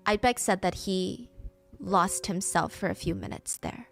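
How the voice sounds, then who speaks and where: A woman narrating a scripted true-crime story in a brisk way, acting out the quoted speech as she goes. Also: medium pitch, gravelly, faint music behind.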